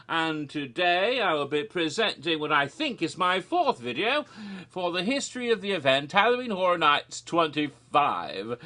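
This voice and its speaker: A middle-aged man hosts his vlog in a playful, theatrical manner and keeps poking fun at himself. His voice runs slightly high and swings widely in pitch. He often lingers over his words. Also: pushed and bright. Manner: playful, theatrical, self-mocking. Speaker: host of a theme park history channel. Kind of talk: casual vlog talk.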